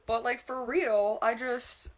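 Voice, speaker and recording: A woman's voice: a little high, fairly even intonation, slow, slight background noise. A young adult woman ranting casually to camera in a vlog, rambling and profane, with a constant filler "like". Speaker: vlogger.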